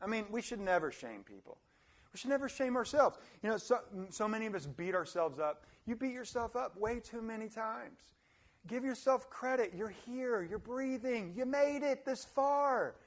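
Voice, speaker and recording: A young adult man giving a motivational talk, animated, acting out complainers in high voices. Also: moderate pace. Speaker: motivational speaker.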